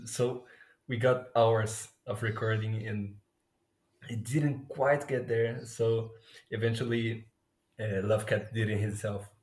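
A man's voice: on the low side, fairly even intonation, slow, darkish tone. A man co-hosting a podcast in casual chat, laid-back and swearing freely. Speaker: podcast co-host. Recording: echoey room.

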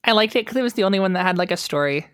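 A woman's voice: mid-range voice, animated, racing, a bit bright, no echo, studio quality. A woman hosting a casual podcast, chatty, asking questions and explaining her views at length. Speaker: podcast host. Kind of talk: casual chat.

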